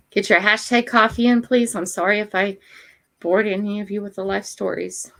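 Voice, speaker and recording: A woman's voice: mid-range voice, steady tone, moderate pace, vocal fry, fairly bright tone. An older woman hosting a casual morning livestream, chatting emotionally and talking straight to her viewers. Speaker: livestream host.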